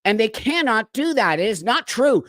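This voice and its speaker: A man's voice: extremely high pitch, sing-song, moderate pace, fairly bright tone, no room sound. An older man hosting a live stream, ranting angrily and bluntly with profanity and sarcastic mock quotes. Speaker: show host. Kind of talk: heated live-stream commentary.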